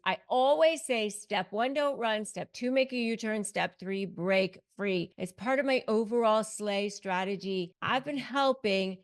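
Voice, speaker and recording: A middle-aged woman, a lawyer and negotiation coach, giving emphatic, repetitive advice straight to camera. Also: medium pitch. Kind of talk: direct-to-camera advice talk.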